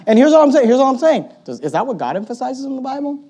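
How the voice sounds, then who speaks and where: A male pastor preaching a sermon in an animated way, swinging between loud emphatic bursts and quiet asides, with a sarcastic edge. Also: extremely high pitch, fast talker, husky. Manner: sarcastic, mocking quoted opponents in put-on voices.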